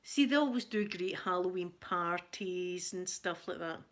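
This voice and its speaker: A woman's voice: lowish voice, unhurried, a bit bright. A middle-aged Scottish woman hosting a casual live chat for her channel, chatty and self-deprecating, often laughing. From Scotland. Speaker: ASMR channel host.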